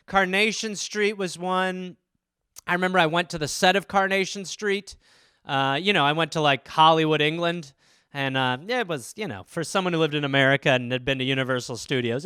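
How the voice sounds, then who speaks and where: A man's voice: on the high side, pushed and bright, clear, resonant tone, no room sound, clean studio sound. A man hosting a comedy podcast, riffing casually in a rambling way full of "like" and restarts, swearing freely.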